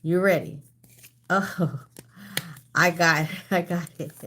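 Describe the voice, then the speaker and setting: Slow-talking breathless woman hosting trivia. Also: fairly low pitch, steady tone, a bit bright, a little hiss or hum. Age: older. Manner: chatty, laughing, reads out questions slowly. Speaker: livestream trivia host. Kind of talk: casual live-stream chat.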